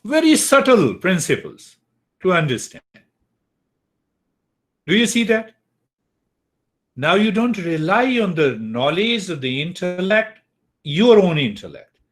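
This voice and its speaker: A man's voice: sits high, sing-song, takes it slowly, pauses often, fairly bright tone. A man teaching a class on Eastern wisdom. He repeats key words and often checks in with his listeners. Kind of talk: spiritual lecture to a class. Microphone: computer mic, online class.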